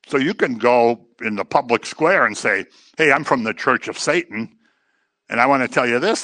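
A middle-aged man talks a little fast, bright and forceful, with no echo, while leading a casual Bible study. He hammers points by repeating phrases and mimics people in a low, mocking voice.

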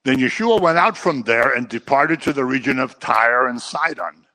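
A man preaching a sermon, swinging between loud emphasis and quiet asides. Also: medium pitch, expressive, moderate pace.

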